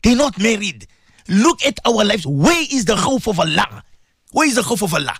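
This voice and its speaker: A man's voice: high-pitched, very animated, fairly quick, a bit bright, slightly rough, no room sound, studio quality. A man giving an impassioned radio sermon, hammering home repeated rhetorical questions to his listeners. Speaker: radio presenter giving Islamic advice.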